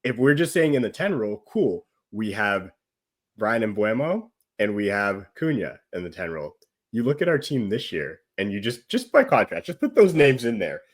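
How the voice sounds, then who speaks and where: A man with a fairly low voice talks as a guest on a football chat show. He rambles in an animated way, leaning on "like", breaking into laughs and acting out other people's voices. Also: moderate pace. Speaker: guest pundit.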